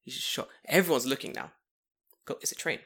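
Fast, bright-voiced man telling a story. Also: medium pitch, husky. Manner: profane, animated storytelling with acted-out quotes. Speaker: podcast co-host telling a story. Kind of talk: casual chat.

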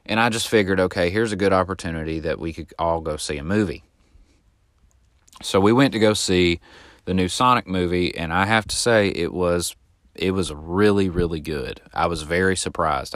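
A young man speaks in a very deep, low voice and talks casually to his listeners. He rambles through a long personal story and grows animated when he reenacts shouted lines. The sound is dry and close, with hardly any room echo. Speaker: podcast host.

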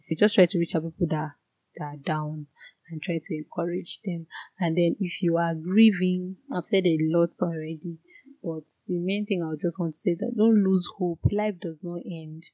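A woman telling her own story in an earnest, direct way, growing animated and indignant at times. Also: fairly low pitch, normal speed, no room sound. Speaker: guest sharing a personal story. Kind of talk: candid personal testimony.

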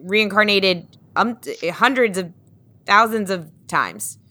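A woman co-hosting a podcast, thinking out loud in a rambling, casual way. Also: mid-range voice, takes it slowly. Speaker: podcast co-host. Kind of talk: casual chat.

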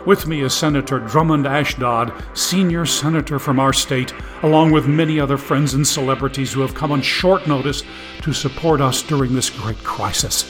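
A man's voice: mid-range voice, lightly acted. A man voicing a tearful male TV preacher who pleads fervently with his flock. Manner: preachy, rising fervor, pleading.

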